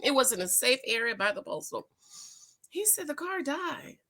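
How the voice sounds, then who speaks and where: Middle-aged woman vlogging, high-ish voice, really animated, telling a story and doing everybody's lines. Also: moderate pace. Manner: chatty storyteller, acts out exchanges with rising pitch. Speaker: commentary vlogger. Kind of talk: casual commentary, reading news aloud.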